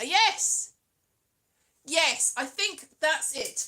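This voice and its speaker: A woman's voice: on the high side, bright, forceful tone. A young woman vlogging in a rambling, giggly, self-mocking way, dropping to mutters and jumping to squeals. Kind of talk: rambling casual vlog chat.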